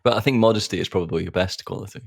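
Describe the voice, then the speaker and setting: A man's voice: low voice, very fast, vocal fry, husky, no echo, clean studio sound. A man co-hosting a podcast, joking and laughing his way through casual banter. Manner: jokey, self-mocking, laughs often. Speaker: podcast co-host.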